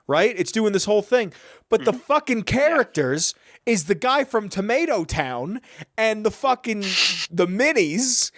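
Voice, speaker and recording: A man co-hosting a podcast, telling stories in a casual, animated and profane way. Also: sits high, normal speed, dry recording, clean studio sound. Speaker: podcast co-host. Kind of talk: casual chat.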